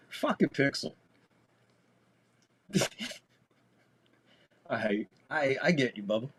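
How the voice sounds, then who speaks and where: He speaks extremely slowly and pauses often, yet sounds very animated, with a medium-pitched, slightly rough voice. As host of a live baseball stream, he gives loose, casual play-by-play, swears freely, and gets loud on the big moments.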